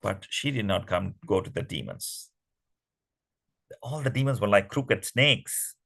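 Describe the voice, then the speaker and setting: A man telling a myth to a children's class, animated and often asking the kids questions. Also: on the low side, measured pace, creaky, rough recording. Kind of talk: storytelling to children.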